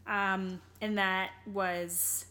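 A woman's voice: mid-range voice, flat delivery, drawn-out words, sharp tone. A young adult woman, an interview guest, telling a personal story candidly in conversation, earnest and rambling, with many fillers and restarts.

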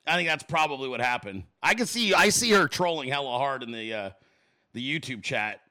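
A man's voice: lively intonation, a little fast, sharp tone, no echo. A man hosting a casual livestream Q&A, swearing freely, mocking his chat and ranting. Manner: profane, mocking, puts on shrill voices. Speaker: livestream host. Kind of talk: crude casual livestream rant.

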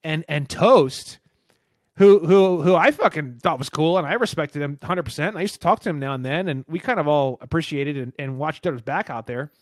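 A man hosting a podcast, telling animated, profanity-laced stories in casual chat. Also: fairly high pitch, brisk, no echo, clean studio sound. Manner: profane, animated storytelling with frequent fillers. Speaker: podcast host.

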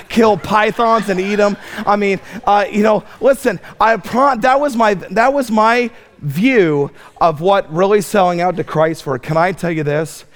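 A middle-aged man preaching a fiery camp sermon, impassioned, telling comic stories and shouting at the peaks. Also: sits high. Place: camp meeting room.

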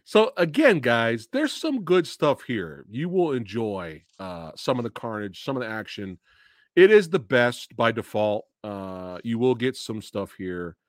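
A man hosting a casual livestream movie review, excitable and profane, often bursting into high laughter. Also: unhurried, dry recording, clean studio sound. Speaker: podcast host.

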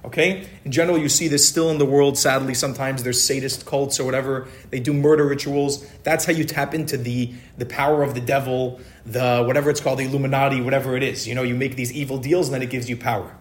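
A man's voice: medium pitch, steady tone, fast, few pauses. A man giving a weekly Torah lesson, retelling the story in an emphatic, repetitive storytelling way. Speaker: Torah teacher.

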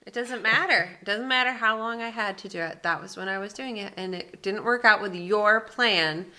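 A woman's voice: medium pitch, moderate pace, pushed and bright. A woman co-hosting a podcast, bantering back at her husband and playfully defending herself in casual chat. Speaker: podcast co-host.

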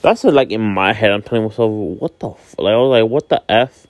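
Brisk and low-voiced with no echo, a sleepy, yawning vlog host from Miami, Florida, in his twenties rambles through a candid, casual monologue, full of fillers and free swearing.

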